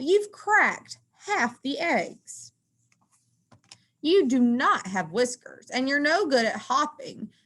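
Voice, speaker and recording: Marvin, a squeaky mouse, read by a woman. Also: fairly bright tone, heavily acted. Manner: squeaky, quick and chirpy. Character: squeaky little male mouse, bossy but kind.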